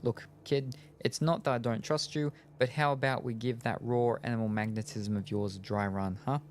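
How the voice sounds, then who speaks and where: A man voicing a gruff, streetwise male vampire informant with a gravelly voice and a brusque, teasing way of talking. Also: medium pitch, steady tone, normal speed, a little hiss or hum, natural voice.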